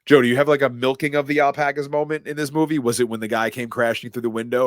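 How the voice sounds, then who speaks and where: A man hosting a podcast, retelling a movie in animated, casual storytelling. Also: mid-range voice, fast talker, few pauses, no room sound. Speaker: podcast host. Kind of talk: casual movie recap chat.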